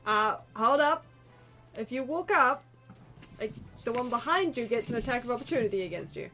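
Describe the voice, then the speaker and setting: A woman's voice: a little high, expressive, moderate pace, bright, forceful tone. A woman running a tabletop game as game master over an online call, upbeat and chatty, laughing easily. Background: faint background music.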